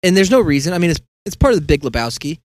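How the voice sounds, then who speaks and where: Rambling man with a slightly high voice. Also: very animated, rapid-fire, no echo. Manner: meandering, self-deprecating, acts out quoted dialogue. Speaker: podcast host. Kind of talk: casual rambling monologue.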